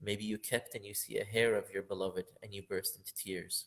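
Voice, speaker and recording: Lowish, creaky and flat in delivery, this man moves fairly quickly through a religious lesson on a poem. Still, he speaks with feeling, rising to loud, emphatic peaks and occasionally half-singing lines.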